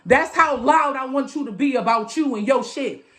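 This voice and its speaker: Loud, high-voiced woman tarot reader. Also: moderate pace. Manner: loud, emphatic and profane. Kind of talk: casual motivational tarot reading. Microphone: phone.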